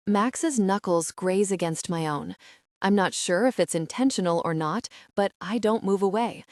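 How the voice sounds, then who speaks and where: A woman's voice: mid-range voice, normal speed, darkish tone, dry recording, studio quality. Woman narrating an emotional romance audiobook. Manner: intimate, emotional reading.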